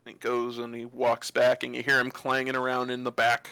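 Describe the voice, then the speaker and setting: A man running a tabletop game as dungeon master, narrating scenes with a laugh and quick voices for the characters. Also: medium pitch, completely flat delivery, gravelly, bright, forceful tone, clean tone, dry recording, rough recording.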